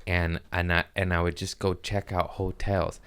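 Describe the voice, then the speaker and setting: A comedian hosts his own podcast, trading stories in an easygoing, profane way at normal speed. His low voice is smooth and resonant, and he keeps things lively, jumping into high-pitched voices whenever he quotes someone.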